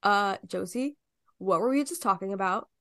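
A woman's voice: medium pitch, moderate pace. A woman co-hosting a podcast in casual chat, telling stories with big exclamations. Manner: animated storytelling with big exclamations. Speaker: podcast co-host.

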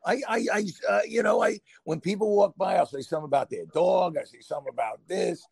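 A New York podcast co-host with a Brooklyn accent chats casually and ramblingly, often laughing and pushing his voice up when excited. His gravelly, husky voice sits high and moves fairly quickly, captured in a dry, close recording.

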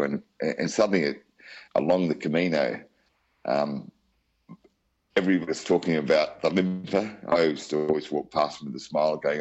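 An Australian man with an extremely deep voice shares his story as an interview guest. He rambles warmly from aside to aside in a chatty, anecdotal way. The recording sounds dull and lo-fi. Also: moderate pace.

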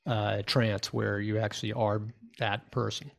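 A man's voice: on the low side, level tone, unhurried, vocal fry. A man speaking as a medium in an interview, reflective and hesitant as he thinks aloud. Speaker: spiritual medium, guest. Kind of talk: conversational interview.

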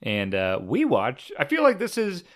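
A man co-hosting a podcast in casual chat, rambling and animated with lots of fillers and restarts. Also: a little high, moderate pace. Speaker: podcast co-host.

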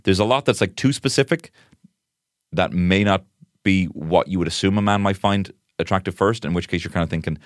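A man's voice: low voice, a little fast, no room sound, studio quality. A man hosting a comic solo podcast, rambling and self-mocking, with frequent swearing. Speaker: podcast host.

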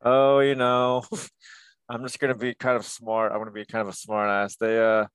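A man co-hosting a casual sports podcast. He hesitates and fills with "I mean" and "um" while he jokes along. His voice is smooth and clear, recorded close and dry. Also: mid-range voice, monotone, normal speed, dry recording. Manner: hesitant, filler-heavy, joking. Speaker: podcast co-host.

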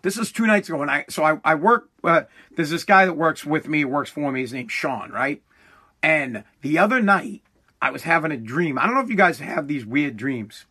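A man's voice: a little high, lively intonation, normal speed, bright, forceful tone, husky. A man hosting his own podcast, talking casually in a rambling, profane way with many restarts. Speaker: podcast host. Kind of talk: casual solo podcast monologue.

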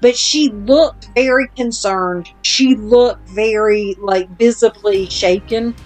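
A woman's voice: mid-range voice, slow pace, soft background music. A woman podcast host telling a long story in casual chat, blunt and self-deprecating, with casual swearing.

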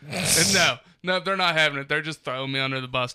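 A man's voice: fairly high pitch, a little fast, pushed and bright, smooth. A man co-hosting a podcast, ranting profanely in a mock-angry way about raising his kids. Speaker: podcast co-host. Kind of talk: crude comedic podcast chat. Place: studio.

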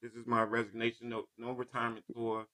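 A man's voice: medium pitch, completely flat delivery, bright, forceful tone. A man hosting a podcast, joking around in casual chat and saying "yo" a lot. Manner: quick, joking, uses "yo" a lot. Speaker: podcast host.

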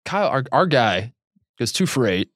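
A man co-hosting a sports podcast, chatting in a loose, joking way with plenty of fillers. His voice is mid-pitched and sits close and dry on the mic, with no room sound. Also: big pitch swings, normal speed, a bit bright, dry recording. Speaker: podcast co-host. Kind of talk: casual sports chat.

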